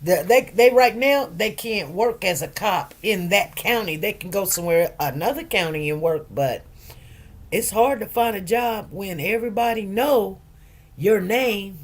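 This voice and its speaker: A woman's voice: mid-range voice, a little slow. A woman nurse chatting casually, telling stories emphatically with many restarts and asides. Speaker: nurse, co-host. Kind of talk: casual chat.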